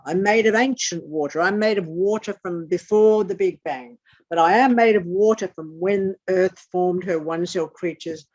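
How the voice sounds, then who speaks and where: A tarot teacher lectures in a loose, wandering way, swearing offhandedly and letting some phrases sink into low mutters. The voice sits at a middling pitch. The recording is muffled and lo-fi, with no room echo at all. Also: darkish tone. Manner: swears casually and drifts into muttered asides. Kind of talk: rambling esoteric lecture. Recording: dull lo-fi dry recording.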